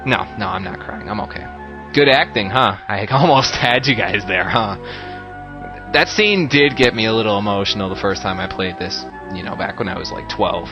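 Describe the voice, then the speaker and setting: A man's voice: fairly low pitch, moderate pace, lo-fi sound, over music. A man giving casual, joking commentary over a video game, talking to his viewers. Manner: joking, lively, talks to the viewers. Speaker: let's play commentator.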